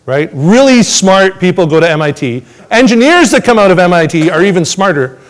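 A man telling his testimony to a congregation, swinging between excited storytelling and hushed, reflective moments. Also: sits high, brisk. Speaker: father sharing a testimony.

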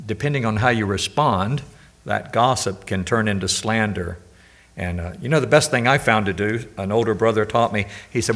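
A man's voice: on the low side, a bit bright. An older man preaching a sermon in a conversational way, telling anecdotes and often asking his listeners questions.

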